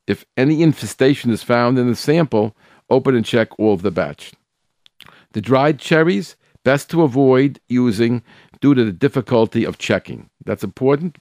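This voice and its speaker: An older man gives plain instructions over the radio in a dry, close recording. He restarts often, stammering on words, then stresses and repeats the key steps so nobody misses them. His pitch sits at an ordinary middle for a man. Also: a little mellow, no room sound. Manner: emphatic, stressing single words. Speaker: radio host giving kosher food guidance.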